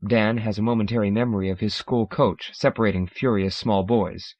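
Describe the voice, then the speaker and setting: A man narrating a science fiction audiobook in a measured, dramatic way. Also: lowish voice, fairly even intonation, no echo. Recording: dry, slightly dull recording.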